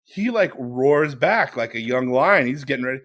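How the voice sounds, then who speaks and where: A man co-hosting a podcast, telling a story in a casual, animated way and laughing along. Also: mid-range voice, moderate pace. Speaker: podcast co-host.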